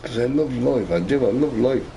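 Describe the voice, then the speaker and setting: A man's voice: mid-range voice, lively intonation, moderate pace, vocal fry. A man streaming a game, chatting casually in a rambling way, often tagging on "right?" and swearing. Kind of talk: casual chat while gaming. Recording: noisy recording with game sound behind.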